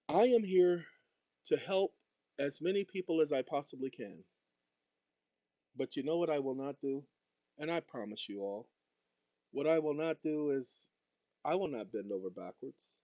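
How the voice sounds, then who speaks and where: A man's voice: a little high, warm tone, no echo, muffled recording. A man hosting his own channel, talking straight to viewers in a rambling monologue with jokey asides. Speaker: channel host and consultant.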